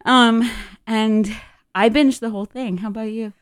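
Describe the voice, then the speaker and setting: A woman's voice: on the high side, fairly even intonation, normal speed, clear, resonant tone, no room sound. A woman co-hosting a casual radio talk show from a studio, chatty and rambling, often giggling.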